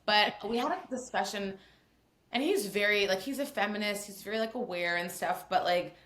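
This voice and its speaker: A woman's voice: medium pitch, moderate pace, reverberant. A woman in her thirties, guest on a podcast, chatting casually and telling stories with lots of swearing. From Nigeria. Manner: animated storytelling, swears freely. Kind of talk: casual chat.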